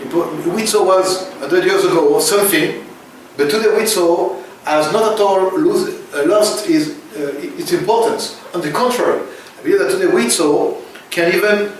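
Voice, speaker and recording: A man from France with a French accent, answering interview questions in halting, emphatic phrases that repeat words for stress. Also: high-pitched, very echoey, far from the mic, slight background noise, rough recording. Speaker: interview guest.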